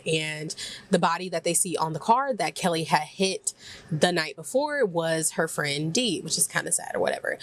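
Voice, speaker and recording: A woman's voice: lowish voice, a little hiss or hum. A young woman in casual chat, recapping a horror show, chatty and full of fillers, acting out characters' lines. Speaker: recap vlogger.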